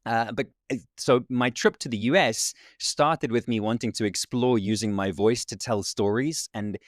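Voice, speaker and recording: A man's voice: mid-range voice, normal speed, no echo, studio quality. South African man with a slight twang. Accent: South African with a slight American Southern twang. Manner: reflective storyteller, warm thanks, laughs often. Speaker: podcast guest. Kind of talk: casual interview chat. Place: remote video call.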